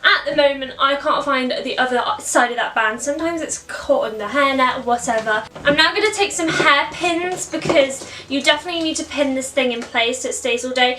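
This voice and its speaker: A woman's voice: sits high, moderate pace, hardly any pauses, pushed and bright, echoey room, recorded from a distance. A British woman explaining a costume tutorial step by step in a chatty way. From Britain. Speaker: costume character performer. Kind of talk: tutorial narration.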